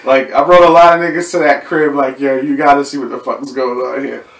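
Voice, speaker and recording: A man's voice: medium pitch, fairly even intonation, fairly quick. A young man chatting as a podcast guest in a laid-back way, reminiscing and often trailing off mid-sentence. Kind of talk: casual chat. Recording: echoey room, mic at a distance.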